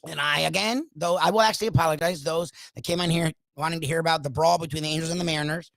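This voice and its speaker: Hoarse, emphatic sports talk host. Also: male voice, fairly high pitch, fast, dry recording, poor audio. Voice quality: animated, emphatic, ranting. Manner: opinionated, swings between loud bursts and quiet asides. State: hoarse from coaching. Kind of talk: solo monologue on a talk show.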